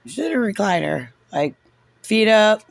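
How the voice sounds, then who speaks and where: A man's voice: high voice, sing-song, a little slow, vocal fry, dry recording. A man giving casual, sarcastic and frustrated reaction commentary on a recorded meeting, saying "like" constantly. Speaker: parent reviewing a recorded meeting.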